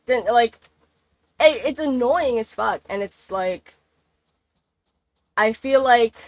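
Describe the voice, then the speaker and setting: A woman's voice: mid-range voice, no room sound. A young woman streaming a game, chatting casually, swearing, laughing and exclaiming as she plays.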